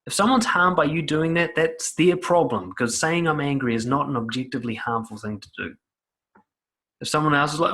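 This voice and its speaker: A man's voice: medium pitch, expressive, moderate pace, pushed and bright. A man giving blunt, profane self-help advice straight to the viewer in an emphatic monologue.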